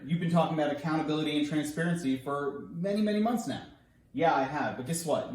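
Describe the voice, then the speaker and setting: A man's voice: a little high, a little mellow. A man running for office, giving a scripted policy explainer with a playful, wry and emphatic delivery. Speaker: congressional candidate. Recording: echoey room.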